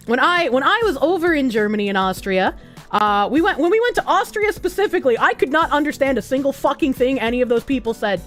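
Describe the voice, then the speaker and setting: A young woman streaming, chatting casually and reading out viewer messages, animated and profane, with bursts of giggling. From United States. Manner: animated, giggly, profane, with squealing high laughs.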